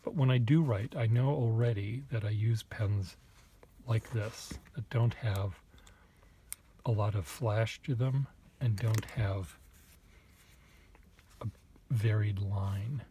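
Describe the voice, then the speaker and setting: A man vlogging casually, thinking aloud in a halting, self-deprecating way, with muttered asides. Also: lowish voice, steady tone, dark tone, breathy edge.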